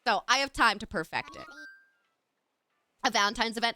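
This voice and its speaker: A woman's voice: on the high side, expressive, moderate pace, long pauses, sharp tone, dry recording. A young adult woman streaming live, chatting casually and gushing thanks to her chat in a bubbly way.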